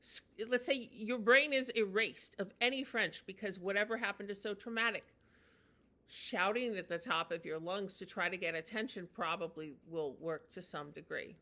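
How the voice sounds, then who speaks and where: A woman teaching in a chatty, unscripted way, with many fillers and restarts, slowing down to model phrases. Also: mid-range voice, pushed and bright. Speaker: language teacher. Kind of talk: casual spoken lesson.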